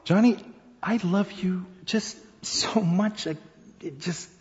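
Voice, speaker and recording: Gushing young bride-to-be, high and breathless, played by a male preacher; muffled, reverberant hall. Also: slow, darkish tone. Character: gushing young woman newly engaged. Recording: dull sound in reverberant hall.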